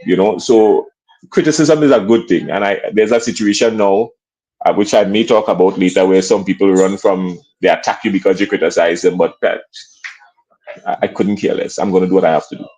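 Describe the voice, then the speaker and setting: A man's voice: low voice, a little fast, poor audio. A man in his fifties with a Grenadian accent, a sports commentator telling stories as a guest on a talk show. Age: 50s. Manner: lively storyteller acting out quoted voices. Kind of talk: animated storytelling in an interview.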